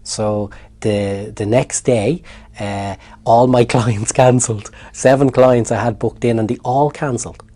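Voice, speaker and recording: An Irish man telling his story in an interview, animated and repeating words when excited. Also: mid-range voice, measured pace. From Ireland. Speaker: interview guest.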